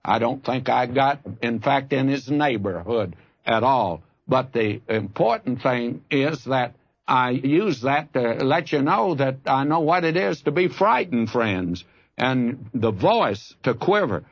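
A man with a mid-range, husky voice delivers a radio Bible sermon at a measured pace, his tone expressive. He tells a personal story in a folksy, earnest way, building to fervent appeals to his listeners. The recording is dry, with the highs cut off.

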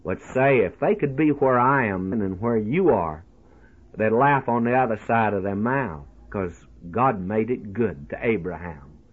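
A man's voice: fairly low pitch, animated, measured pace, slightly rough. A man preaching a storytelling sermon on the radio, folksy and talking straight to his listeners as friends. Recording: tinny lo-fi radio broadcast.

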